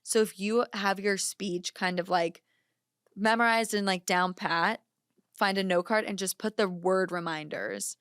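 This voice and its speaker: Chatty woman with a smooth voice. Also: mid-range voice, fairly even intonation, a bit bright, no room sound, studio quality. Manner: chatty, quick asides, many fillers. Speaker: podcast guest. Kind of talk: casual chat. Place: studio.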